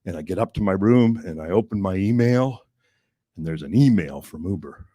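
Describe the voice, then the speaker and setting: A male stand-up comedian telling a story on a comedy club stage, rambling with restarts and bursts of shouting. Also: sits low, expressive, moderate pace, dry recording.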